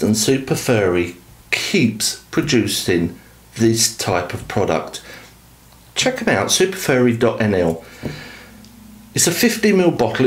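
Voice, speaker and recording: A man hosting a product review channel, talking to camera in a rambling, enthusiastic, self-deprecating way. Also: medium pitch. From United Kingdom. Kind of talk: casual talk to camera. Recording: echoey room.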